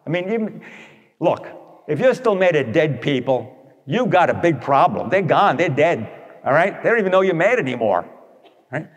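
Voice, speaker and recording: A man telling stories to an audience in a blunt, animated way, tossing in rhetorical questions. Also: a little high, moderate pace. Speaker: speaker addressing an audience. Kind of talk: storytelling talk to an audience. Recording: long echoey hall reverb.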